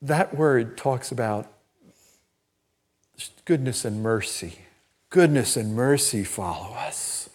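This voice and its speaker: An older man preaching a sermon as pastor, telling personal stories in an animated, emphatic way. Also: medium pitch, slow pace, long pauses, breathy edge. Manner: storytelling, animated and emphatic, laughs at own stories. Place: church.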